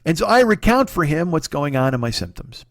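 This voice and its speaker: A man in his forties tells a long story on his solo comedy podcast, swearing freely and restarting his sentences often. His voice sits a little high for a man and carries a gravelly fry. The sound is dry and close, with no room around it. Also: big pitch swings, fairly quick, no room sound. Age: 40s. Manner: profane, rambling, candid and confessional; frequent restarts and apologies while telling a story.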